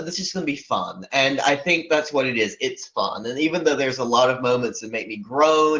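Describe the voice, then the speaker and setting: A man's voice: mid-range voice, pushed and bright. A man co-hosting a podcast in casual chat, rambling and hedging as he talks. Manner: rambling, with many fillers and hedges. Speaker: podcast co-host. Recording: muffled lo-fi podcast audio.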